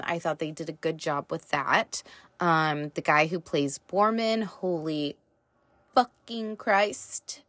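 Chill woman rambling thru a show review, lots of um and like, kinda low voice, dry sound. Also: fairly bright tone, no room sound. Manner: rambling, filler-heavy, swears casually. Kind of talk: casual solo review chat.

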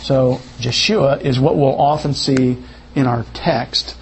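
A man teaching a Bible study lesson in an unhurried, explanatory way, correcting himself as he goes. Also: mid-range voice, slight background noise.

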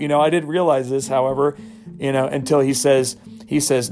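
A man's voice: medium pitch, moderate pace, darkish tone, faint music behind. A middle-aged man hosting a show, telling a story casually and acting out quotes in raised voices. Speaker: podcast host.

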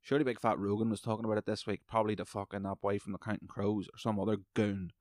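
A man hosting a solo podcast, swearing freely and rambling excitedly while commentating a fight live. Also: on the low side, rapid-fire, no echo, studio quality. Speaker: podcast host.

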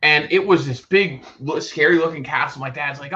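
A man co-hosting a casual podcast tells stories with lively animation, acting out the voices of people he quotes. His voice is bright and forceful. The recording sounds dull and lo-fi. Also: fairly high pitch, brisk. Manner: animated storyteller, acts out quotes loudly. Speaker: podcast co-host. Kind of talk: casual chat.

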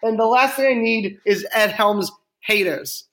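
High-voiced man in mock-dramatic banter. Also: a little slow, crowd noise. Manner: mock-dramatic, playfully wounded, stammering restarts. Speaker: podcast co-host. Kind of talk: casual comedic banter.

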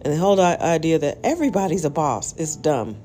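A woman hosting a podcast, giving a blunt, emphatic opinion monologue that jumps into sudden high exclamations. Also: lively intonation, fast, mellow, faint music behind. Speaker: podcast host.

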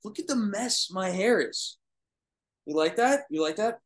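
A man's voice: high-pitched, a little slow. Chatty young New York man, dude-heavy. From Long Island, New York. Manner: excitable, chatty, says dude and bro, restarts and trails off. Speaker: oral surgery resident answering viewer questions. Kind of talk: casual livestream chat. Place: his apartment. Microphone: phone or webcam livestream.

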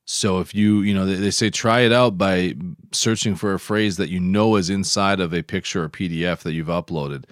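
A man's voice: low voice, fairly even intonation, normal speed, few pauses, no room sound, clean studio sound. A man co-hosting a podcast, explaining app tips in casual, rambling chat. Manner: rambling, self-correcting explainer. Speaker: podcast co-host.

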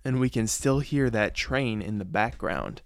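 Man, reviewer, low voice, smooth clear tone, dry close recording, earnest, musing. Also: expressive, measured pace, no echo. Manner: earnest, musing, often trails off unsure. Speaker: podcast episode reviewer. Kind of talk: reflective spoken review.

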